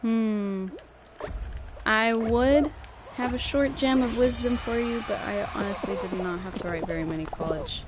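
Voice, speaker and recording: A woman's voice: fairly high pitch, a little slow, very noisy. Chatty young woman streamer. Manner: chatty, rambling, laughing often. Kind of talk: casual chat with stream viewers.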